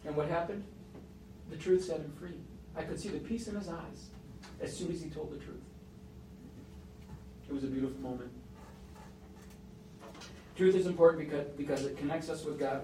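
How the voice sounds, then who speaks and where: A male pastor preaches a sermon, his slightly high voice climbing for emphasis and dropping to a hush. He sounds a little way from the mic, and the room adds a clear echo with faint ambient noise behind him. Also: fairly even intonation, moderate pace, long pauses. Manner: storytelling with emphatic rises and soft, hushed moments. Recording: roomy echo, mic at a distance.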